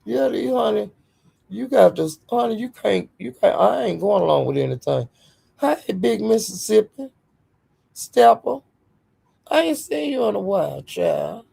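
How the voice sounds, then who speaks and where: A woman's voice: medium pitch, expressive, unhurried, vocal fry, mellow, breathy edge. A woman hosting a casual livestream, greeting viewers by name and speaking bluntly and defiantly. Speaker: livestream host.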